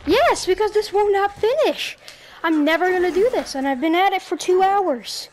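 A woman giving casual gameplay commentary at home on a headset, talking to the game and shouting at the enemies in frustration. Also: very high voice, animated, moderate pace, a little hiss or hum. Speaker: gaming YouTuber.

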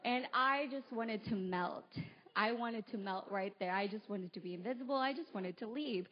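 A woman's voice: mid-range voice, normal speed. A woman telling the children a story about her own past at a church service, talking to them and acting out the voices of her family. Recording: dull lo-fi live stream audio.

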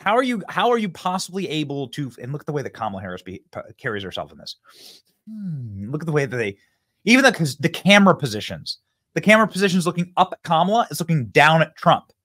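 Brief: male political host, animated and fairly high-pitched, mocking, dry close sound. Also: fast talker, no echo. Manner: mocking, emphatic, swings loud to quiet. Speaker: show host. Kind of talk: political commentary on clips.

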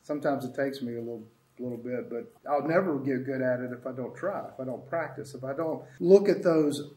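A man's voice: medium pitch, fairly quick, warm tone. Easygoing man musing in an echoey room. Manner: rambling, reflective, easygoing. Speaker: host. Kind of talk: casual spiritual talk. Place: sanctuary room with friends.

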